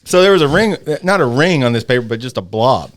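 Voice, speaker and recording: A man telling a childhood story on a podcast, animated and acting out dialogue. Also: medium pitch, fast. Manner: animated, acts out dialogue in his stories. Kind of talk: casual storytelling chat.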